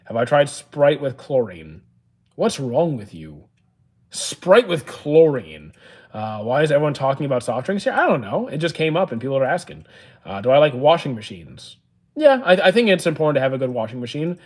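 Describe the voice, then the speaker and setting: A man's voice: medium pitch, very animated, fast. A man streaming live, reading viewers' questions aloud and answering them plainly, with frequent "uh"s. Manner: reads chat questions aloud, answers matter-of-factly with many "uh"s.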